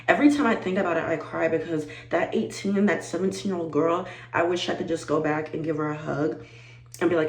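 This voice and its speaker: A woman in her twenties chatting to camera, animated and talkative, calling her viewers y'all and growing teary-eyed. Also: sits low, a little fast, roomy sound, rough recording. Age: 20s. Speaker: vlogger. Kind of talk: casual chat to camera.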